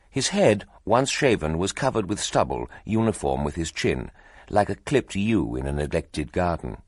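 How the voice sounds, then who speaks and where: A man narrating an audiobook in a measured, expressive storytelling manner. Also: sits low, no room sound, clean studio sound. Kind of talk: scripted narration.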